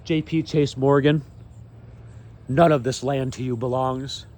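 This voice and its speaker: A vlogger, a man with a medium-pitched voice and fairly even intonation, gives an impassioned monologue straight to camera. His delivery is slow and emphatic, moving back and forth between loud proclamations and quiet asides.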